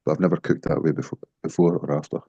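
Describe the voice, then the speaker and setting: A man's voice: very deep voice, fairly even intonation, rapid-fire, creaky, mellow, slightly rough, dry recording, highs cut off. A man on an online call, chatting casually with friends and describing dishes he cooks. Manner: chatty, talks about cooking. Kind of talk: casual chat.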